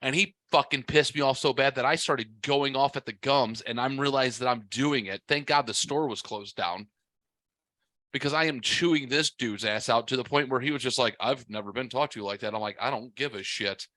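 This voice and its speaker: A man in his forties telling a story on a casual podcast in a blunt, profane, animated way. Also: mid-range voice, normal speed, no echo. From half white, half Mexican heritage. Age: 40s. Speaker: podcast host.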